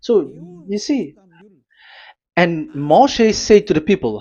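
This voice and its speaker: Man, sermon, higher voice, emphatic questions, dull lo-fi sound. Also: big pitch swings, slow pace, pauses often, a little mellow. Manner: emphatic, rhetorical questions, frequent fillers. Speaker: preacher. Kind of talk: sermon with scripture reading. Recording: slightly dull lo-fi audio.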